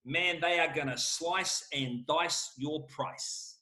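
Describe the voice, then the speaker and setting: Fired-up, bright-voiced New man. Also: fairly high pitch, slow. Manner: emphatic, fired-up salesman delivery. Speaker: auctioneer answering questions. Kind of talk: lively Q&A answers.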